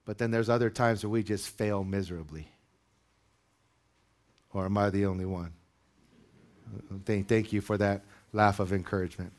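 A male pastor preaching to his congregation in church, moving from measured teaching into loud, high-pitched exhortation. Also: fairly even intonation. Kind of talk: sermon.

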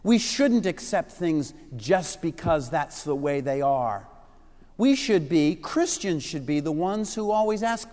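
A man's voice: fairly high pitch, very animated, measured pace, darkish tone, big-room sound. A middle-aged man preaching an earnest, emphatic sermon to young listeners, repeating key phrases. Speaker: pastor. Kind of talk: sermon to children and youth.

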